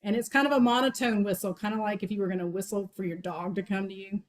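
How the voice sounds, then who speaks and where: Woman giving a fun frog talk, chatty, lots of ums, medium pitch. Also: steady tone, fast talker, very noisy. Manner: chatty, enthusiastic, many fillers. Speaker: wildlife outreach coordinator. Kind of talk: presenting a talk on frog calls.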